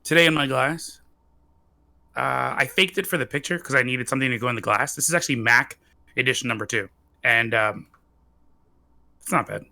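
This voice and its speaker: A man's voice: medium pitch, gravelly, bright, forceful tone, no echo. A man in his thirties hosting a casual whiskey live stream, joking and teasing his co-host. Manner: joking, teasing, talks fast in bursts.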